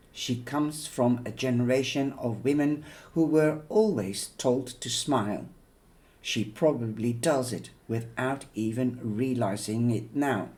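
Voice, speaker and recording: A man reading a novel aloud in first person. His delivery is slow and measured, with a mid-range pitch and an occasional filler. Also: a little mellow. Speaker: audiobook reader.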